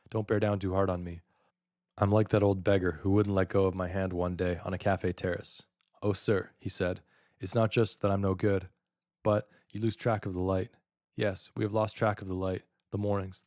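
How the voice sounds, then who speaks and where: Deep, flat-voiced man reading a brooding monologue. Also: no room sound, studio quality. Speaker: audiobook narrator. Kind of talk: first-person literary monologue reading.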